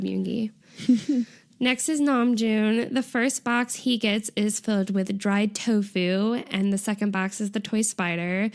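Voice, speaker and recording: A young woman co-hosting a casual podcast, retelling an episode with lots of "like" and laughter. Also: medium pitch. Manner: animated storytelling, frequent "like" and laughter. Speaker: podcast co-host.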